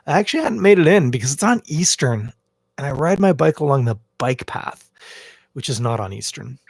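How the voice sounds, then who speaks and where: Rambling, self-mocking podcast host. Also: male voice, fairly high pitch, sing-song, a little fast, gravelly, no room sound, clean studio sound. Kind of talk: casual livestream podcast chat. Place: at home, in a bathrobe. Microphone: headphones with a cable, phone camera.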